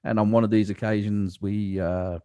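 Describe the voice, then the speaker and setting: A casual podcast host with a deep, low-pitched voice. He rambles through anecdotes, pausing on fillers as he goes. The sound is dry and close, with no room around it. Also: level tone, dark tone, smooth, no echo. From Western Australia. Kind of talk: casual storytelling chat.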